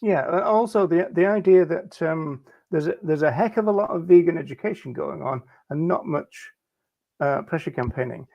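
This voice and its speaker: A man with a slightly raised pitch, co-hosting a relaxed discussion. He talks in a measured way, pausing on "uh" and "um" while he thinks aloud. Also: creaky, highs cut off. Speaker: podcast co-host. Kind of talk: casual discussion.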